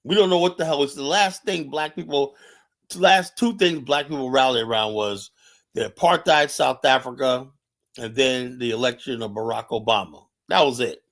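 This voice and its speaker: A man's voice: mid-range voice, moderate pace, a bit bright. A man hosting a livestream, delivering a heated political monologue. He is combative and profane and often repeats phrases while challenging viewers directly. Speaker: livestream host.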